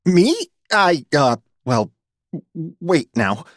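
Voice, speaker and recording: A woman's voice: very deep voice, very animated, slow pace, no echo, clean studio sound, pitched below the performer's own voice, exaggerated voice. A woman narrator voicing a nervous, stammering husband in an audiobook. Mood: flustered. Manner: stammering, hesitant.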